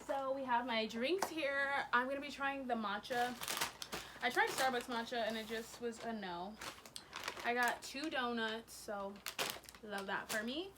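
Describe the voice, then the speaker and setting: Young woman vlogger, slightly high, bubbly and rambly, car noise underneath. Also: measured pace. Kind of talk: casual chatty vlog. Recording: steady background noise, vehicle sounds.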